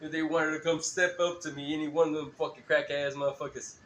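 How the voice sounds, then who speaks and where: A man's voice: a little high, little pitch movement, fast, a bit bright, roomy sound, a little hiss or hum. A man rambling through a profane, laugh-filled story on a live stream.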